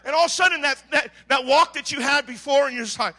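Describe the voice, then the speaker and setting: A man preaching a sermon as pastor, swinging between quiet talk and shouted calls to the congregation. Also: high-pitched, quick pace, few pauses. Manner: preaches with sudden shouts and call-and-response.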